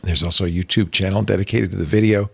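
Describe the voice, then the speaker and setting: Man, podcast host, casual chat, jokey, gravelly. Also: low-pitched, steady tone, fast talker, no echo. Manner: jokey, chatty, plugs the show.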